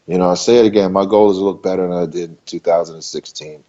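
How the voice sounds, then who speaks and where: A low-pitched man talks casually in an interview, stressing his points by repeating words. His manner is loose and emphatic. The recording is dull and lo-fi. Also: fairly even intonation, quick pace, mellow. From Maryland. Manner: emphatic, repetitive, loose and conversational. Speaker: interview guest, bodybuilder.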